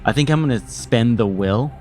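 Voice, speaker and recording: A man's voice: mid-range voice, moderate pace, darkish tone, soft background music. A man playing a tabletop game, talking casually and joking about his character. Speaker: player.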